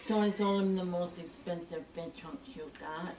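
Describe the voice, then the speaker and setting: A woman telling a long joke story in an animated, chatty way, stammering and adding asides as she goes. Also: fairly low pitch, normal speed. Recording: echoey room, distant mic, background noise.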